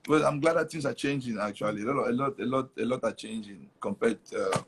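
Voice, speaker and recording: Husky young man telling stories. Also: medium pitch, fairly quick. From Cameroon. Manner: animated, repeats words, mixes in Pidgin. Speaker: comedian guest. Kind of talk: casual interview storytelling.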